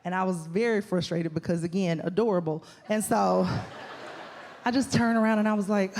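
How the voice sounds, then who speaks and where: Animated woman doing stand-up. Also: medium pitch, normal speed. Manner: animated storytelling with acted-out quotes. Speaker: stand-up comedian. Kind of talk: stand-up comedy set. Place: comedy club stage. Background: audience laughter.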